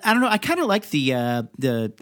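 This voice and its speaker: A man's voice: on the high side, huge pitch swings, fairly quick, fairly bright tone, no echo. Easygoing male podcast co-host, dry sound. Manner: easygoing, frequent agreeing "yeah". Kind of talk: casual movie review chat.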